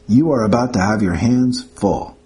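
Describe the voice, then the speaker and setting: A man voicing a brisk, wry older woman volunteer who speaks in a dry, knowing way. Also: lowish voice, warm tone, close to an everyday voice.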